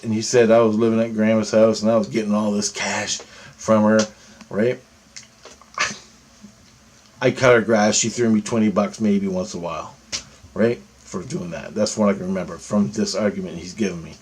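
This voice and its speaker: A man's voice: lowish voice, fairly even intonation, moderate pace, a little mellow, a little hiss or hum. A young man in a casual monologue, recounting a dream with heavy cursing, rambling on and checking in with "right?" and "okay?". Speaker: vlogger.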